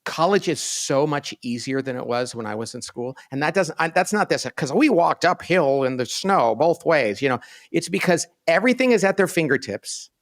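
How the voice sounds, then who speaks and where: A man's voice: on the high side, animated, normal speed, hardly any pauses. A middle-aged man, a guest in a casual interview, thinking aloud earnestly with restarts.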